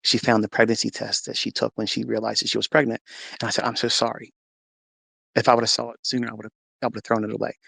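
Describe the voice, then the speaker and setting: A man's voice: mid-range voice, completely flat delivery, quick pace, vocal fry, bright, forceful tone, slightly rough, no room sound. A man with a mid-range voice earnestly recounting a personal faith story to an online audience, acting out his own past words as he goes. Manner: religious. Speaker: trading mentor. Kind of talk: personal testimony told to an audio-chat audience.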